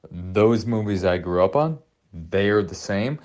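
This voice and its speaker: Male podcast co-host, lowish voice, foul-mouthed ranter who swings loud then soft. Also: measured pace. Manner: profane, swings from loud outbursts to quiet apologies. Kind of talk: ranting casual chat.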